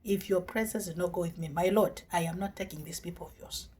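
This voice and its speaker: An anxious, protesting Moses, as a woman preacher puts him on in her sermon. He pleads in a raised, urgent voice that sits a little low. The speech is plain and heartfelt. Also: a little fast, mellow, slightly rough. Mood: firm devotion. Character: pleading frightened Moses, grown man.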